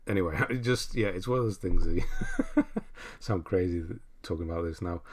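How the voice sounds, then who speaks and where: Low-voiced English man chatting on stream. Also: wildly swooping pitch, normal speed, husky. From England. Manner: chatty, easygoing, laughs often, frequent restarts. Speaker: livestream host. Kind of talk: casual livestream chat, reading viewer comments aloud.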